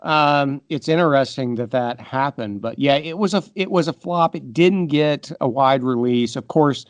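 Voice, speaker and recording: A man's voice: mid-range voice, normal speed, no echo, lo-fi sound. Opinionated middle-aged man, dry sound. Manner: opinionated, makes points with examples. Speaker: podcast co-host. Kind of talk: casual movie discussion.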